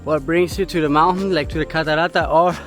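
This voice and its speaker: A man's voice: a little high, fairly even intonation, quick pace, a bit bright, soft background music. A man with German as his first language, chatting casually as a travel vlogger outdoors on a hiking trail, out of breath from the climb and laughing often.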